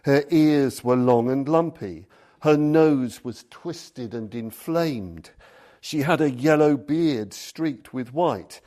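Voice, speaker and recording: Warm in tone and slow in pace, this mid-range male voice belongs to a Buddhist teacher. He tells stories and reads passages aloud during a dharma talk.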